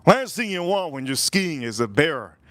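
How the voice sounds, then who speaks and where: A man's voice: a little high, sing-song, moderate pace, fairly bright tone, no room sound. A man hosting a live stream, rambling through stories and repeating himself as he talks to his chat. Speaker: livestream host.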